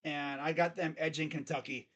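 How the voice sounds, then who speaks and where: A man's voice: on the high side, fairly even intonation, normal speed, a bit bright. A man hosting his own channel, giving casual sports predictions in a rambling, self-correcting way. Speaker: host. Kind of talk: casual sports picks commentary.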